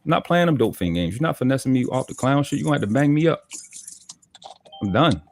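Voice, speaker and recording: Fast and sing-song, a medium-pitched Baltimore man with kids rants as a guest on a livestream talk, his accent strong and his language heavily profane.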